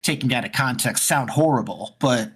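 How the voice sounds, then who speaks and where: Man, podcast co-host, husky, casual chat, rambling, fillers. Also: mid-range voice, normal speed, a bit bright. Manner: rambling, many fillers and restarts.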